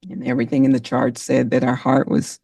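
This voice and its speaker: A woman's voice: rumbling low, level tone, brisk, vocal fry, dark tone, no room sound, far from the mic. A woman giving a motivational talk, emotional and preacher-like, calling on listeners by name. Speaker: motivational speaker.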